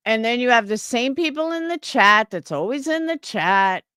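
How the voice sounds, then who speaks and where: A woman's voice: fairly high pitch, expressive, normal speed, pushed and bright, smooth, dry recording, clean studio sound. A young woman streamer giving a profane, scornful reaction rant on a livestream. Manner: angry, profane, scornful ranting.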